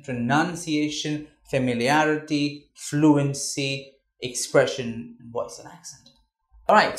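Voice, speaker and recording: A slightly high-voiced communication trainer gives a classroom lecture in an echoey room. His style is conversational, with repeated words and frequent "all right?" check-ins.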